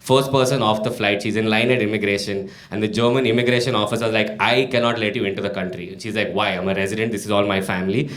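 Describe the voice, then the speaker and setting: A young man from India performing a stand-up comedy set, animated, acting out both sides of his arguments on stage. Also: fairly low pitch, quick pace, few pauses. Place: comedy club stage before a laughing audience. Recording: echoey venue with crowd laughter.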